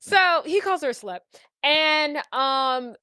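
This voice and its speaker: A woman's voice: high voice, no echo, studio quality. Young woman animatedly recapping a film. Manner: animated retelling, acts out characters in quick quoted voices; swears freely. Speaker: podcast co-host. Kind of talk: casual movie recap chat.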